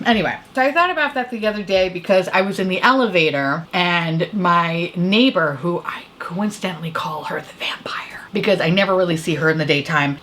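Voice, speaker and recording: A woman's voice: lowish voice, slight background noise. Chatty woman telling a self-mocking story. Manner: animated, self-mocking storyteller, frequent laughter. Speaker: beauty vlogger. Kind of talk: chatty get-ready-with-me storytelling.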